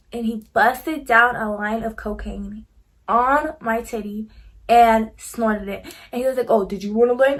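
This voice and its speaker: A young woman recounts a story in loose, chatty talk, leaning on "like" constantly and throwing in curses. Her voice sits a little high for a woman. She slips into quoting herself and others as she goes. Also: a bit bright. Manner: chatty, heavy use of "like", swearing, quoting herself. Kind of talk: casual storytelling.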